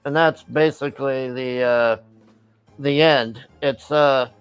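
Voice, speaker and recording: A man's voice: medium pitch, steady tone, takes it slowly, clear, resonant tone, dry recording, soft background music. A man chatting casually as host, laid-back and often stammering and restarting. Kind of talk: casual chat.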